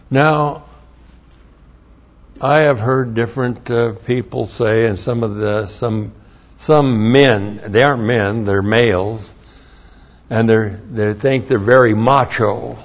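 A man's voice: mid-range voice, dull audio. A man preaching a verse-by-verse Bible lesson, spelling out Hebrew words letter by letter and repeating key phrases. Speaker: pastor.

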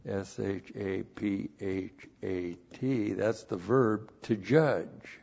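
A man's voice: lowish voice, fairly even intonation, drawn-out words, vocal fry, a little mellow, husky. A man preaching a sermon with Bible teaching, repeating phrases for emphasis and spelling out words letter by letter. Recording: dull lo-fi recording.

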